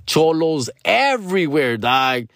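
A man's voice: fairly high pitch, sing-song, takes it slowly, fairly bright tone, no echo, clean studio sound. Profane man telling stories. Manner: profane, peppers lines with "fool" and "dog", slips into Spanish slang. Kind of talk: casual storytelling chat.

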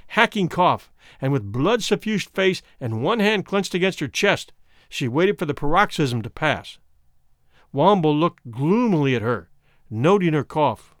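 A man narrating a short story as an audiobook, measured and expressive. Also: on the high side, dry recording, studio quality.

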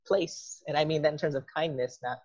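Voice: medium pitch, fairly even intonation, a little fast. Reflective speaker with a mid-range voice. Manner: reflective, many fillers and hedging asides. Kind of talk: casual conversation. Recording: dull lo-fi sound.

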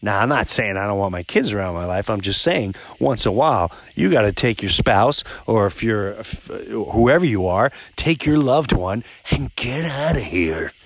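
Male podcast host, casual storyteller, lively and repetitive delivery. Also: normal speed, few pauses. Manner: animated, with big jumps up in pitch when excited; repeats himself and restarts mid-sentence.

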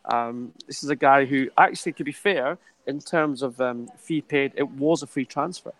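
A man's voice: medium pitch, moderate pace, a bit bright, no room sound, low-quality recording. A man chatting about football in a casual podcast, telling stories with some hesitation. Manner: anecdotal storyteller, hesitant. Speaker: football pundit.

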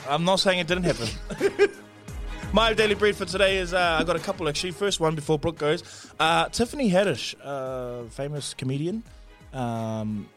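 A man with a New Zealand accent co-hosting a podcast, telling stories in a laughing, animated way. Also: a little high, normal speed, faint music behind. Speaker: podcast co-host. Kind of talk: casual chat.

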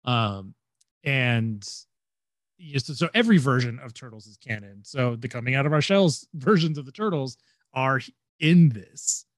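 A man's voice: medium pitch, lively intonation, unhurried, dry recording. A young man chatting casually as a podcast co-host, rambling with many fillers and restarts. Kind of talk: casual fan chat.

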